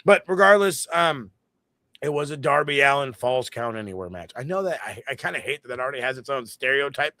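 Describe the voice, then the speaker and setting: A man's voice: mid-range voice, expressive, a little fast, pushed and bright, dry recording. A man co-hosting a casual wrestling review podcast, telling the story animatedly with lots of swearing and mocking quoted voices. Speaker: podcast co-host.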